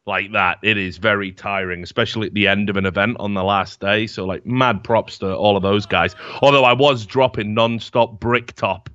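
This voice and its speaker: A man's voice: lowish voice, steady tone, moderate pace, few pauses, sharp tone. A young man telling rambling, profane stories in a casual chat as podcast host. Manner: rambling, profane storytelling with many fillers. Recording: dull, dry lo-fi mic.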